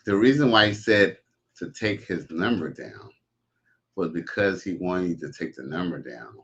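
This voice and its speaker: Low-voiced guy streaming, preachy blunt takes, muffled lo-fi sound. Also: expressive, moderate pace, gravelly, a bit bright. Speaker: streamer host. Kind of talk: livestream commentary.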